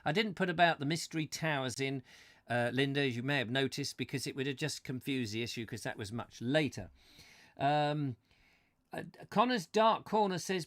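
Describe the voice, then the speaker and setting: A man hosting a comic chat show, rambling and ranting excitably while reading out viewer comments. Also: medium pitch, moderate pace, no room sound, studio quality.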